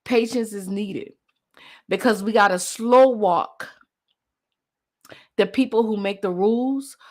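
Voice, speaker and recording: A woman's voice: mid-range voice, slow. A woman host and coach giving a passionate motivational talk, driving points home by repeating phrases.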